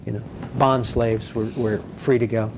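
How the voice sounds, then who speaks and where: A man preaching a conversational sermon, animated and full of "you know", acting out quoted voices. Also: normal speed, noisy background. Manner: animated, acts out quoted voices with big pitch jumps.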